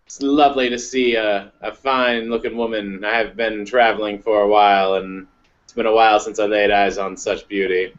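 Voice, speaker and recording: A smooth-talking adventurer who flirts in overly formal words, as a man voices him. The voice stays low and raised a little, heard through a dull lo-fi recording. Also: little pitch movement, normal speed, natural voice. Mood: flirtatious. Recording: dull lo-fi sound.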